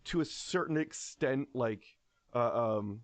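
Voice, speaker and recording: A man's voice: medium pitch, slow, no room sound. A man co-hosting a podcast in casual chat. He rambles and restarts his sentences a lot and swears freely. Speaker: podcast co-host.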